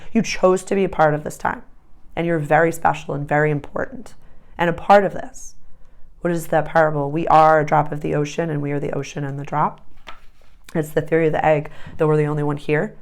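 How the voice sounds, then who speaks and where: A woman with a somewhat low voice talks through astrology and tarot in a casual vlog. She is emphatic and enthusiastic, drifting into rambling asides as she goes. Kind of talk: casual spiritual vlog talk.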